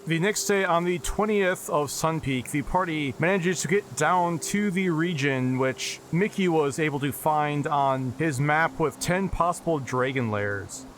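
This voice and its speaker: Game master man, slightly high voice, dry asides, steady narration. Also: unhurried, few pauses, slight background noise.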